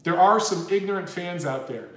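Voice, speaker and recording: A man's voice: sits high, expressive, normal speed, a bit bright, echoey room. A man hosting a casual livestream, chatty and rambling as he reads viewer messages aloud. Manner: chatty, rambling, says dude a lot. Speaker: boxing livestream host. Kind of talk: casual livestream chat reading super chats.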